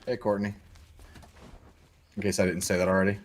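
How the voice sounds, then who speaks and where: A man's voice: fairly low pitch, little pitch movement, a little fast, background noise. A man co-hosting a gaming livestream, playful and teasing, laughing often. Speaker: livestream co-host. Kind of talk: casual gaming livestream chat.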